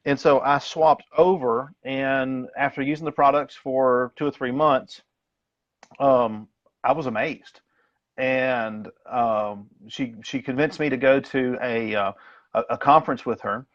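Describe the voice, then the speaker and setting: A man's voice: medium pitch, fairly even intonation, measured pace, no echo. Rambling man on a lo-fi phone call. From Tennessee. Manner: rambling, self-deprecating, laughs often. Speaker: guest. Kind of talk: casual chat. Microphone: phone on a video call. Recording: dull lo-fi phone audio.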